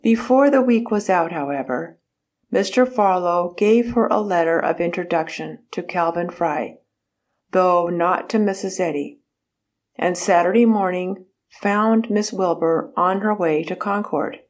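A woman narrating a biographical book in a measured reading voice, saying the quotation marks aloud. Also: lowish voice.

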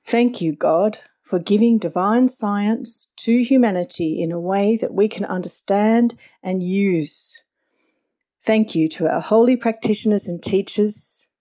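A woman's voice: medium pitch, unhurried, dark tone. A woman from Australia giving a heartfelt, earnest testimony at a church meeting. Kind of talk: prepared personal testimony.

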